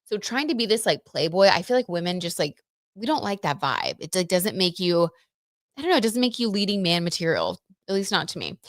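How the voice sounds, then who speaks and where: A woman's voice: on the low side, sing-song, fairly quick, dry recording, studio quality. A young woman hosting a casual livestream, chatting about tarot and celebrity gossip with lots of "like" and "you know.".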